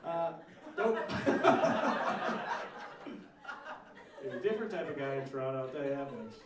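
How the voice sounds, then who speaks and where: A man doing stand-up, telling stories and acting out the strangers he met in quick asides. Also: medium pitch, expressive. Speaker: stand-up comedian. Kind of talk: stand-up set. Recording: roomy, distant mic with loud crowd. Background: audience laughter.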